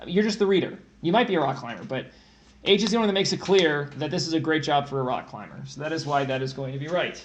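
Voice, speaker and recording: A man's voice: on the high side, fast talker, a little hiss or hum. A man hosting a tutoring livestream, chatting casually and teasing viewers in a playful way. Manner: playful, teasing, jumps into silly voices. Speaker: tutor and stream host. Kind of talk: casual joking livestream banter. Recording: echoey room.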